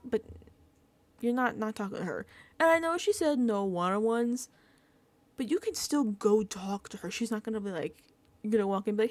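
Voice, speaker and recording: A young woman recapping a reality show in casual reaction commentary, animated and laughing with exasperated asides. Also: fairly high pitch, quick pace.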